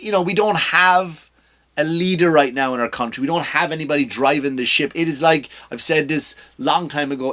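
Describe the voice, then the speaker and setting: Guy comedian ranting on his podcast, kinda higher voice, pokes fun at himself. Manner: ranting, animated and self-mocking. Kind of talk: comedic rant monologue.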